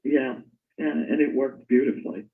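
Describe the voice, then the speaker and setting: An older woman telling stories in a casual interview, animated and laughing as she recalls. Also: very deep voice, moderate pace. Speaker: interview guest. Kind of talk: casual storytelling. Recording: tinny phone-like line.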